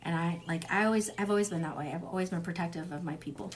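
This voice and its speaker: A woman's voice: on the low side, quick pace, a little hiss or hum. A young woman reading tarot cards in a casual livestream. She talks bluntly, swears freely, drifts into tangents and fills her speech with "like" and "um.". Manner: chatty, wanders off on tangents. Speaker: tarot reader.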